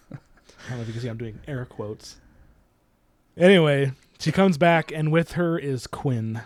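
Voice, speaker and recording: A man's voice: medium pitch, a little slow, dry recording. A man co-hosting a casual book discussion podcast, laughing often and acting out characters' lines. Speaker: podcast co-host.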